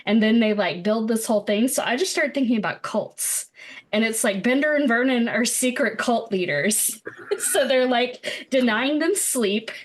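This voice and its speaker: A woman's voice: on the high side, lively intonation, normal speed. A middle-aged woman co-hosting a podcast, chatting casually about a film, laughing often and trailing off with fillers. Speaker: podcast co-host.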